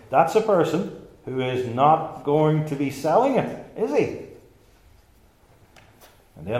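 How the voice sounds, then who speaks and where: A man's voice: fairly high pitch, sing-song, measured pace, long pauses, a little mellow. A man preaching a sermon in an emphatic style, using rhetorical questions. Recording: echoey church room.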